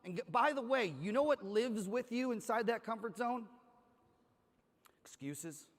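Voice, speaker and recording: A man from Cleveland, Ohio, with an extremely high pitch, talks fairly quickly in a motivational keynote on a large conference hall stage. As a conference speaker, he tells a story energetically and acts out the dialogue, with hall reverb coming from the stage PA.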